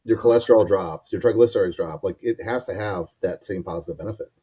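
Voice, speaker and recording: A man's voice: sits low, fast, dark tone, breathy edge. A man from Ohio co-hosting a casual live-stream chat, easygoing and plainspoken. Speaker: co-host.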